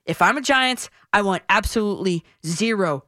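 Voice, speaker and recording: A woman's voice: medium pitch, lively intonation, normal speed, pushed and bright, dry recording. A woman hosting a sports radio show, giving her opinions in a punchy, emphatic way into a studio microphone.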